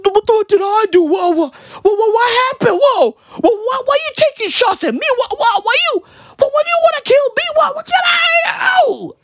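A woman's voice: extremely high pitch, animated, normal speed, a bit bright, no room sound, shouting, voice pushed up, exaggerated voice. A comedian putting on a sleepy, bewildered man who whines and pleads that he did nothing wrong. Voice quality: whiny, pleading.

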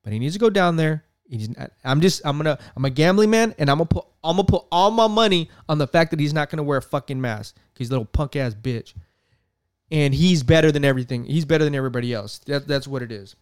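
A man's voice: a little high, quick pace, few pauses, clear, resonant tone, no echo, studio quality. Profane ranting podcast man. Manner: heated, profane, ranting with repeated swearing. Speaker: podcast host. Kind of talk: profane political commentary.

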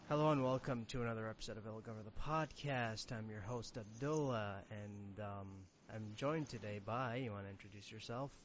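Podcast host, male, deeper voice, loose rambling chat with frequent restarts; slightly lo-fi recording. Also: fairly quick, few pauses, slight background noise. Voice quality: rambling, self-interrupting. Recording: slightly dull lo-fi sound.

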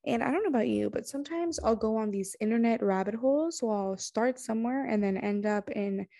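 A young woman, sleepy and alone on her home couch, hosts her own podcast in a fairly quick, slightly high voice with a dark tone. Her casual solo monologue is full of fillers and self-deprecating restarts, recorded with clean studio sound and no echo.

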